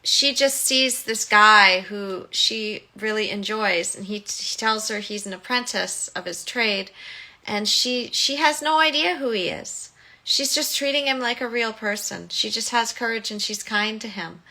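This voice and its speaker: A woman's voice: mid-range voice, a little slow, bright, forceful tone. A woman hosting a solo podcast, casually retelling a film and acting out its quoted lines. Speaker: podcast host and motherhood coach.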